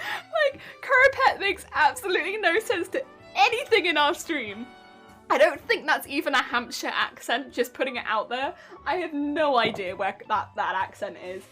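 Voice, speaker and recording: A high-voiced woman chats casually to her live-stream audience while working on a cosplay prop. Her pitch swoops up and down as she giggles and reacts to chat. Soft music plays quietly behind her. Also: very animated, a little slow. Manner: giggly, chatty, reading out chat. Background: soft background music.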